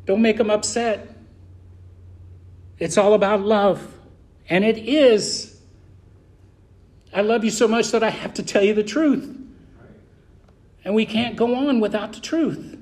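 A man preaching a sermon as pastor, reading scripture and speaking with passion, sometimes loud and sometimes slow and low. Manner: impassioned, shifting between loud emphasis and slow, low, deliberate delivery.

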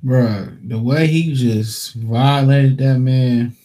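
A young man co-hosting a casual sports podcast, joking loudly and trash-talking with frequent laughter. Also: mid-range voice, steady tone, slow. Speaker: podcast co-host.

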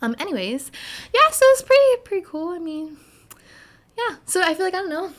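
A woman's voice: very high voice, big pitch swings, fairly quick, a bit bright. Chatty, blunt woman from New Jersey. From Northern New Jersey. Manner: chatty and blunt, many filler words, swears freely. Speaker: podcast guest. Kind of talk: casual chat.

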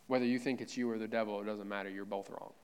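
A man's voice: fairly low pitch, fairly even intonation, very fast, smooth. A man preaching a sermon in a church, fervent and conversational, repeating himself and talking straight to his listeners. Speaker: pastor.

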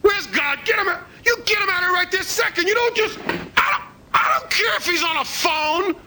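A man voicing a furious man who storms in demanding to see God, shouting in a frantic, shrill voice. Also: huge pitch swings, normal speed, full character voice.

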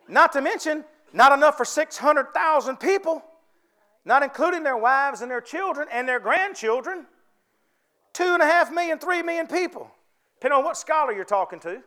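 A man's voice: very high-pitched, animated, a little fast, bright, forceful tone. A man preaching a sermon with fervor, calling out to his congregation for responses. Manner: fervent, calls out to the congregation for responses.

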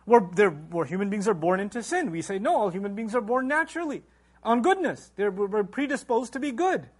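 A middle-aged man giving a religious lecture, animated and acting out quoted voices. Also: high voice, a little fast, breathy edge. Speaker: Islamic lecturer.

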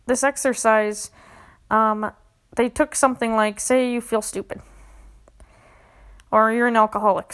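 Young woman podcaster, kinda high voice, earnest and emotional, walking you thru a self-help exercise. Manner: earnest and emotional, talks through tears at times. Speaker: podcast host.

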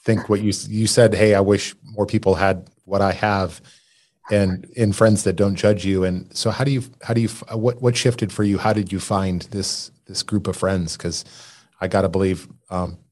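A man's voice: sits low, level tone, normal speed, darkish tone. A man hosting a podcast, asking thoughtful follow-up questions and rephrasing as he goes. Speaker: podcast host. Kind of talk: interview questions.

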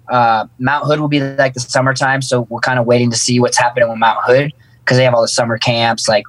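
A man's voice: mid-range voice, no room sound, low-quality recording. Easygoing rambling male guest. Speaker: guest, snowboarder. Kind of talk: casual interview chat.

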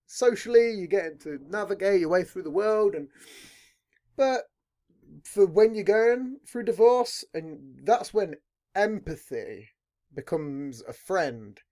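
A man talking loosely on his own podcast, his pitch bouncing all over as he rambles. He swears in nearly every sentence and keeps looping back on his own thoughts. The tone is an easygoing, unscripted chat between friends. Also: slow. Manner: swears constantly, rambling, lively. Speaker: podcast host. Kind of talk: casual chat.

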